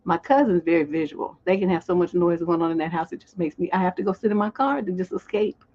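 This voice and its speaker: A woman's voice: lowish voice, fast, darkish tone, highs cut off. A woman relationship coach, talking bluntly and with profanity on a livestream. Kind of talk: livestream advice talk.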